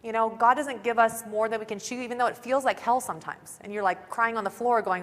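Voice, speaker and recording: A woman's voice: fairly high pitch, steady tone, fast. Chatty woman speaking in a big hall. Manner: upbeat, chatty, says "like" often. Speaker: conference speaker. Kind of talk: motivational stage talk. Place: large conference hall. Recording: long reverb of a large hall.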